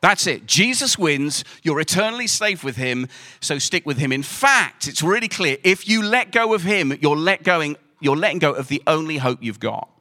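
A man preaches with lively, emphatic energy, talking straight to the audience. His voice is bright and forceful and sits a little high for a man, and he is heard in a hall with listeners present. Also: normal speed. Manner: lively, emphatic, asks the audience to repeat words. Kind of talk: sermon.

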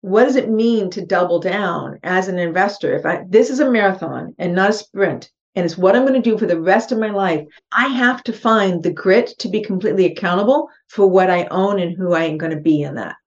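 A woman's voice: fairly low pitch, brisk, few pauses. A middle-aged woman, a podcast guest, earnestly telling a personal story and acting out her own thoughts in quotes. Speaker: podcast guest, real estate investor. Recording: slightly dull, muffled podcast audio.

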